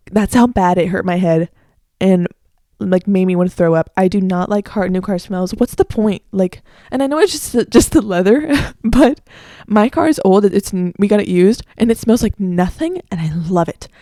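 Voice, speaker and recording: Chatty young American woman, warm voice. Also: medium pitch, moderate pace, few pauses, no echo, clean studio sound. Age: late teens. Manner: chatty and rambling, with many "like"s and self-corrections; strongly opinionated. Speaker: podcast host. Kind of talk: casual solo podcast chat.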